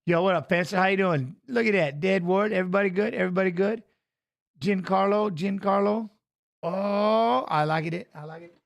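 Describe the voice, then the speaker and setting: High-voiced chatty male stream host. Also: normal speed, vocal fry. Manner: chatty, greets viewers by name, peppers talk with "you know what I'm saying". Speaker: livestream host. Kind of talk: casual live-stream chat.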